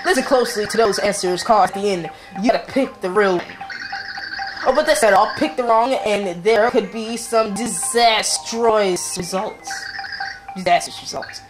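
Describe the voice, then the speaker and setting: Brief: woman putting on a loud showy quiz host, game music behind. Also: expressive, brisk, natural voice. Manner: booming showy announcing.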